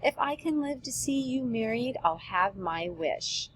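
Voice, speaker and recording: A woman's voice: fairly high pitch, lively intonation, a little slow, slight background noise, low-quality recording. A woman voicing a talkative, fond old nurse who rambles and repeats herself, reading a play aloud. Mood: rambling.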